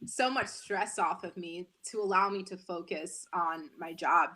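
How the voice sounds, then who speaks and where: A woman's voice: on the low side, unhurried, bright, forceful tone. A woman news anchor in her thirties, chatting candidly and animatedly as a guest on a talk show.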